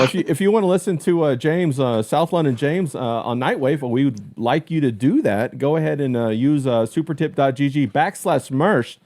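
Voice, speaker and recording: A man's voice: mid-range voice, dark tone. A man hosting a casual stream, joking with guests, laughing often and plugging things. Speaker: stream host. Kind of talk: casual chat.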